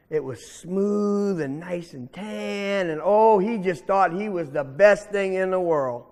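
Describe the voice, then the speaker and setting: A man telling a story live to children, animated and asking the audience questions. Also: high-pitched. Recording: echoey hall reverb.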